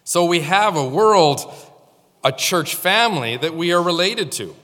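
The recording, thick with long hall reverb, captures a male pastor in church delivering an informal sermon full of stories and direct address to the congregation. His voice sits high with a sharp tone, animated but a little slow.

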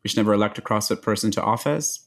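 A man's voice: on the low side, racing, fairly bright tone. A man in a casual political podcast chat, joking and sounding incredulous. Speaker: podcast panelist.

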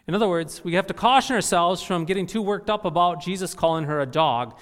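A man's voice: fairly high pitch, a little fast, few pauses, fairly bright tone, long reverb tail. A male pastor preaching a sermon in an emphatic way, often repeating phrases for effect.

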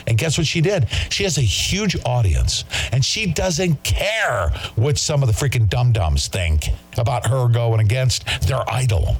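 A man's voice: medium pitch, very animated, unhurried. A male talk show host ranting in an emphatic, combative and sarcastic way.

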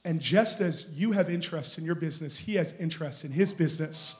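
High-voiced man preaching a charismatic sermon. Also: brisk. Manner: storytelling preacher, swings from hushed to loud exclamations. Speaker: guest preacher. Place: church sanctuary.

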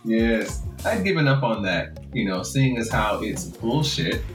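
A man's voice: mid-range voice, big pitch swings, a little slow. A man with a Jamaican accent, a book author talking frankly and reflectively in an interview, often laughing. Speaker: author guest. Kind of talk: interview conversation. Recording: roomy room with faint music.

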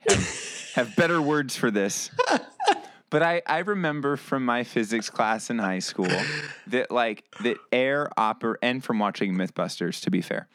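A man's voice: medium pitch, a bit bright, smooth, no room sound, studio quality. A man co-hosting a podcast, chatting casually and animatedly, often laughing and restarting his sentences. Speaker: podcast co-host. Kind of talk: casual chat.

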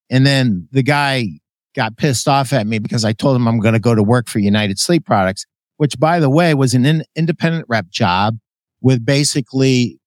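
A man hosting a podcast, telling stories from his career in a blunt, animated way, swearing freely and acting out what others said. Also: mid-range voice, no room sound. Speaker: podcast host. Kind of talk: casual storytelling chat.

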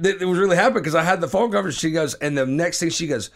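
A man's voice: a little high, racing, vocal fry. A man in his forties, a podcast host, casually telling a long profane story and acting out other people's lines. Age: 40s. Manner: animated, profane, mimics voices in quotes.

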